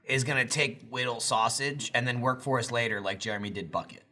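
A man's voice: medium pitch, steady tone, fairly quick, bright, forceful tone. A man co-hosting a casual podcast chat, joking around and laughing easily. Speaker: podcast co-host.

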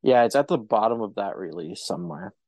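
A man's voice: lowish voice, lively intonation, a little fast, darkish tone, dry recording. A man hosting a podcast in a casual chat, with a wry, offhand sense of humor. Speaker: podcast host.

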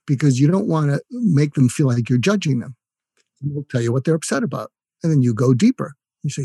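Older male guest expert, husky and mellow, earnest explainer who acts out sample lines. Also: a little high, animated, a little fast, dry recording. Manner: earnest, demonstrates phrases in a softer voice. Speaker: guest psychiatrist and coach. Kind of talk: conversational explaining with acted examples.

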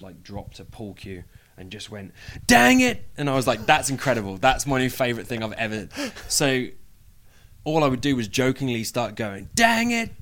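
A young British man talking casually as an interview guest, joking and pausing often with "um". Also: on the low side, a bit bright. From United Kingdom. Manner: chatty, jokey, many "um" pauses.

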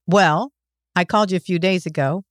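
Middle-aged mom, casual banter, teasing and mock-scolding, lowish voice, dry close sound. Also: female voice, brisk, no room sound. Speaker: co-host.

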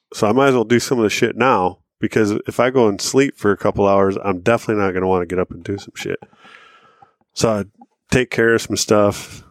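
A podcast co-host with a fairly low voice rambles through a story in casual chat, acting out what people said and swearing casually. The recording is dry and studio quality.

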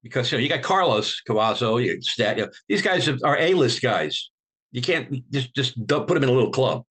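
An older man, a veteran rock bassist, tells stories in an interview in a rambling way with many restarts, acting out the people he quotes. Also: a little fast, slightly rough. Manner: rambling, with many restarts, and animated when quoting others. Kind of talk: storytelling in an interview.

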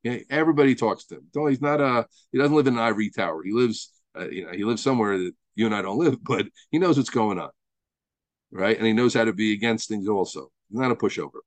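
A man's voice: lowish voice, quick pace, no room sound. A rabbi giving a Torah lesson to a study group, emphatic and repeating words as he builds each point, with Hebrew and Yiddish terms mixed into his teaching.

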